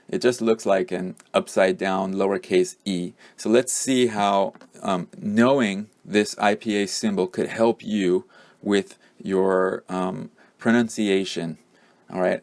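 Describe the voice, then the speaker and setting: A man's voice: low voice, darkish tone. A man teaching a pronunciation lesson, explaining patiently with many fillers. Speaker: English teacher.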